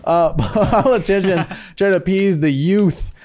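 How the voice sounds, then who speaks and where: A young man co-hosting a crude comedy podcast, riffing in loose banter and jumping into shouted mock voices. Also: high voice, measured pace. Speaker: podcast co-host.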